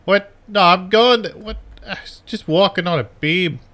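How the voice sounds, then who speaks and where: A man giving goofy, wisecracking commentary while playing a video game, often yelling at the characters. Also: sits high, a little slow. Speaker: puppet character gameplay commentator. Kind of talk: comedic gameplay commentary.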